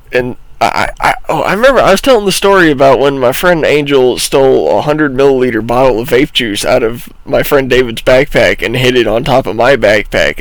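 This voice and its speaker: Young man telling animated stories. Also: mid-range voice, dry recording, poor audio. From Illinois, USA. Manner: rambling, animated storytelling with laughs and profanity. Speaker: podcast co-host. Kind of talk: casual podcast storytelling.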